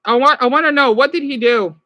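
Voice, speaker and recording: A man's voice: extremely high pitch, brisk, bright, forceful tone. A man ranting on a live stream, agitated, swearing often, stumbling over restarts and answering his chat. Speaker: livestreamer.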